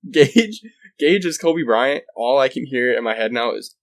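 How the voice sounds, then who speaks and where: A man's voice: medium pitch, expressive, normal speed. A young man co-hosting a podcast, laid-back and profane, often chiming in with short agreeing replies. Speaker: podcast co-host. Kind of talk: casual chat.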